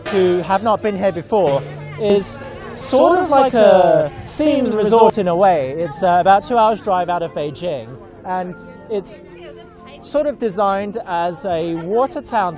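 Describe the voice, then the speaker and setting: Chatty young reporter in a busy crowd. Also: medium pitch. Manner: chatty, friendly, with many fillers. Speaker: reporter guiding a live tour. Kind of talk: live walking tour report. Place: busy outdoor market street in an old town. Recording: crowd and music outdoors.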